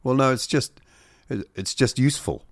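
A man's voice: medium pitch, normal speed, no echo, clean studio sound. A man hosting breakfast radio, reading news headlines with wry jokes and asides. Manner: reads headlines with joking asides and mock voices. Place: radio studio.

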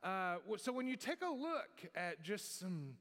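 Preaching in a church sanctuary with long reverb, a middle-aged male pastor uses a high, sing-song voice that is a little slow and a bit bright. He wanders folksily through his sermon and restarts often.

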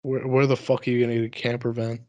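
Deadpan male co-host, monotone ribbing, dry close sound. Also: mid-range voice, fast, no room sound, dull audio. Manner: deadpan teasing, swearing. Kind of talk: casual chat.

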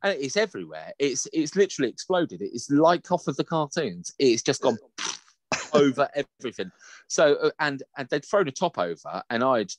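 A man telling a sweary, animated story in casual chat. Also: medium pitch, normal speed, no room sound, clean studio sound. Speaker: podcast co-host.

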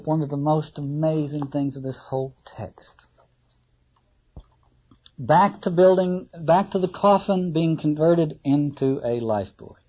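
A man lecturing reflectively on a novel, musing aloud with halting restarts and rhetorical questions. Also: on the high side, slightly rough. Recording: slightly muffled lo-fi recording.

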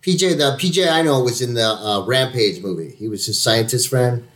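A man hosting a loose, profane conversation, his mid-pitched voice jumping around animatedly. He laughs often and keeps tossing in "dude.". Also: normal speed, over a noisy crowd. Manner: animated, laughing, swearing, says dude a lot. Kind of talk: casual chat.

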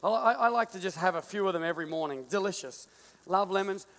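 A man with an Australian accent preaching in a high, light voice. He jokes with the crowd and acts out his points on stage. The sound carries a long reverb from a big hall. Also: fast. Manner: playful, joking, animated with the crowd. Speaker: pastor. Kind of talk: lively sermon with stage illustration. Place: large church auditorium.

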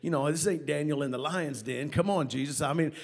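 Animated preacher man telling a story. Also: a little high, vocal fry. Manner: animated storytelling with halting repetitions. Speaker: pastor. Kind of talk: sermon.

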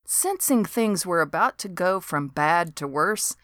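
A woman's voice: lowish voice, animated, a little slow, fairly bright tone, no echo. A woman narrating a storybook in a dry, wry delivery.

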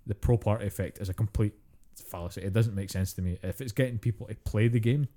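A man's voice: on the low side, fast talker, mellow. A man with a Scottish accent co-hosting a podcast, giving blunt opinions in casual chat and swearing now and then. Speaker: podcast co-host.

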